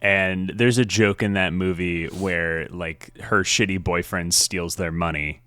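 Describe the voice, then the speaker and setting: A man's voice: low-pitched, steady tone, measured pace, a bit bright, smooth, dry recording. A man co-hosting a sports podcast in casual chat, laid-back, laughing often and swearing freely. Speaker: podcast co-host.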